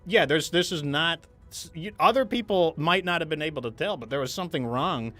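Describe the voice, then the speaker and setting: A man's voice: on the high side, animated, brisk, sharp tone, soft background music. A man hosting a gaming stream, telling a candid story in a rambling, casual way with frequent restarts.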